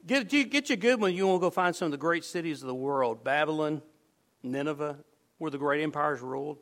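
A middle-aged man preaching a sermon, earnest and emphatic, dropping to a low murmur on key words. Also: brisk, fairly bright tone.

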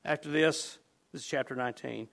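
A middle-aged man preaching a sermon, earnest and emphatic, dropping to a low murmur on key words. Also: a little fast, gravelly, a bit bright.

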